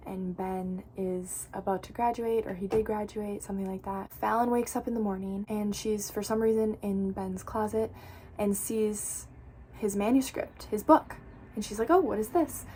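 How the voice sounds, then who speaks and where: A woman's voice: mid-range voice, dark tone, a little hiss or hum. A young woman casually recapping a novel for her channel, chatty and full of "like.". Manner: chatty, fills speech with "like". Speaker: book vlogger.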